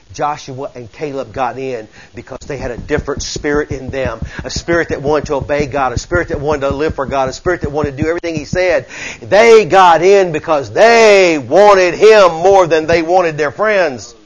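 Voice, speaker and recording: A man's voice: medium pitch, brisk, hardly any pauses, dull audio, a little hiss or hum. A male preacher delivering a fiery sermon, reading scripture and firing rhetorical questions at the congregation. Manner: mixes scripture reading with folksy asides.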